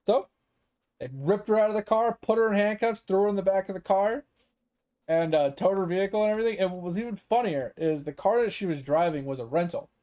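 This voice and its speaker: Profane, exasperated gaming streamer. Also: male voice, sits high, a little fast, mellow. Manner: exasperated, profane, many fillers. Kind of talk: casual rant while gaming.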